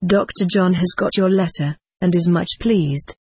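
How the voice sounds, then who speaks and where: A woman's voice: on the low side, measured pace, slightly rough, no room sound. Woman reading as a kindly spirit doctor. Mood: reassuring. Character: male spirit doctor, kindly, matter-of-fact. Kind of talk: audiobook reading.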